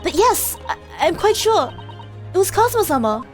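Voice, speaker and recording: A woman's voice: very high-pitched, very animated, moderate pace, faint music behind, voice pushed up. Woman doing a polite earnest young assistant.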